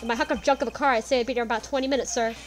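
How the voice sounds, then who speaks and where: A woman's voice: fairly high pitch, fairly even intonation, very fast, soft background music, natural voice. A woman voicing a clumsy, loyal male police detective in a courtroom game, talking in an apologetic, folksy way. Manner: apologetic, folksy, says "pal".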